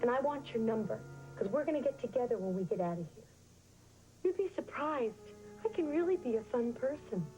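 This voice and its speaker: A woman's voice: on the high side, lively intonation, a little fast, mellow, highs cut off, faint music behind, lightly acted. An actress playing a chatty, earnest woman sharing a hospital room. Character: warm talkative woman patient named Dot. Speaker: actor. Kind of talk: sitcom drama acting.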